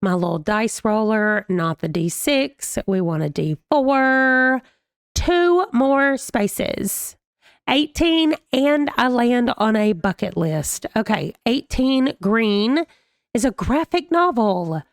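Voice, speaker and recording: A woman talks about books in a chatty, gushing way, her voice strained from being sick. She speaks at a middling pitch, and the sound is dry and close, with no room echo. It has the feel of a casual home book vlog. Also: lively intonation, takes it slowly. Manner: chatty, gushing, Southern "y'all". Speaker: booktuber host. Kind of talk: casual reading vlog chat. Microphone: desk microphone.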